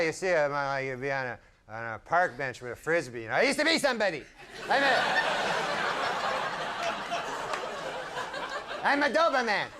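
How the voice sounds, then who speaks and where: Man, stand-up comic, deadpan, rambling, chuckles at his own jokes, higher voice, live stage recording, loud background noise. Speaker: stand-up comedian. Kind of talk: stand-up routine. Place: comedy stage with a live audience.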